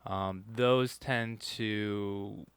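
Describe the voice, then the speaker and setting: Young male co-host, smooth resonant voice, dry close recording, relaxed chat. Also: lowish voice, drawn-out words, no echo. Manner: laid-back, hesitant. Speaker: podcast co-host. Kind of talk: casual gaming podcast chat.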